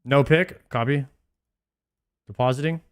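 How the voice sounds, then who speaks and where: A man co-streaming a game, chatting casually and briskly with his teammate. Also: mid-range voice, clean tone. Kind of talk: casual gaming chat.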